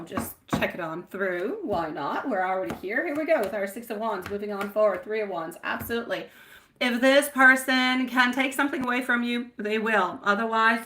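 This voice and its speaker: A woman's voice: mid-range voice, sharp tone, a little hiss or hum. A woman in her thirties giving a live-stream tarot reading, chatty and affectionate, calling viewers sweetie and my love.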